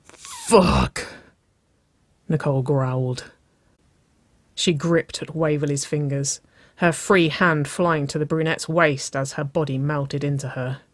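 A reader narrating intimate fiction in a slow, soft, hushed storytelling voice. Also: medium pitch, flat delivery, no room sound.

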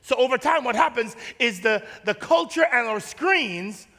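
A man from Jamaica preaching with a very high, bright, forceful voice that rings through the long reverb of a church sanctuary. He preaches in an animated, folksy way, repeating words and drawing answers from the congregation. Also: normal speed. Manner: casual, folksy phrasing. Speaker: pastor. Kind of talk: sermon. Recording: long reverb of a large hall.

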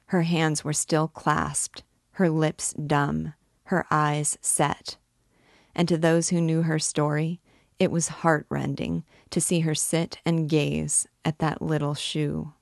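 Woman, low voice, slow, measured reading of a classic novel, dry close sound. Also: fairly even intonation, gravelly, no echo. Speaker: book reader and guide.

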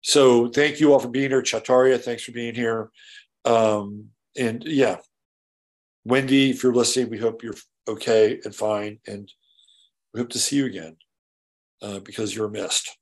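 A man's voice: mid-range voice, fairly even intonation, unhurried. A man hosting his own show, telling a rambling story with lots of restarts, casual swearing and "right?" tags. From California. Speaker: show host. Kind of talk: casual solo monologue.

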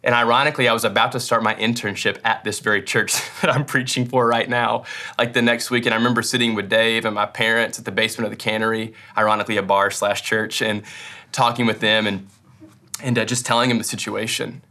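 A young man preaching a sermon to his congregation, telling personal stories in a relaxed, self-deprecating way. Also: fairly low pitch, quick pace. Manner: conversational, self-deprecating storytelling with laughs. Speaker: pastor.

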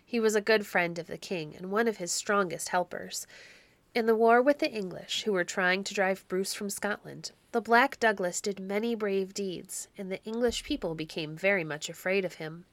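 A woman reads a storybook aloud in a measured, clear voice at a middle pitch. The recording is close and dry, with no room sound. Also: no echo. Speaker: audiobook narrator. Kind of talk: storybook narration.

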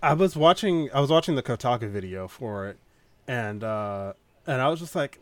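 A man hosts a casual podcast in an animated, rambling way. He leans heavily on fillers and slips into quick impressions. His voice sits in an ordinary middle pitch. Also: no room sound. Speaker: podcast host.

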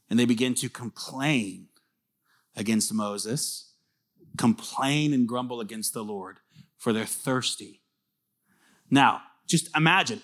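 A pastor preaching a sermon in a lively, conversational way, often asking the listeners questions. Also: male voice, mid-range voice. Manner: casual fillers and restarts.

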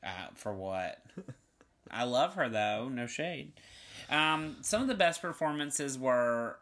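Man, podcast host, Southern accent, enthusiastic casual chat, crisp bright tone. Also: medium pitch, lively intonation, slow pace. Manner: chatty, enthusiastic, lots of "like" fillers.

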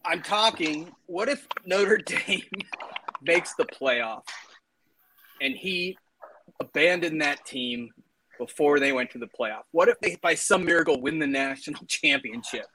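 A man's voice: fairly high pitch, animated, a little slow, sharp tone, husky, rough recording. A man co-hosting a casual sports talk show, opinionated and laughing as he argues his points. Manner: opinionated, laughs while arguing. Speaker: co-host.

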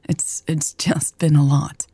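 A woman voicing a hurt, tearful young woman, speaking slowly and in a breathy whisper, while reading an audiobook. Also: deep voice, level tone, warm tone, no room sound, faint music behind, heavily acted. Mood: sad, tearful.

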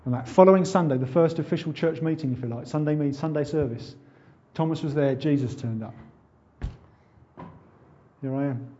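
With a voice sitting a little high, this preacher talks quickly and with few pauses, delivering a convinced sermon that leans on rhetorical questions and rises into loud, urgent pleas. The audio comes across somewhat muffled and dull.

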